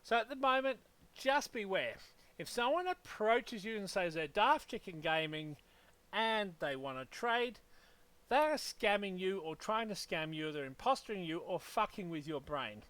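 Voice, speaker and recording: A man's voice: high-pitched, expressive, moderate pace, a bit bright. A man hosting a gaming channel, ranting heatedly in casual podcast talk with lots of profanity.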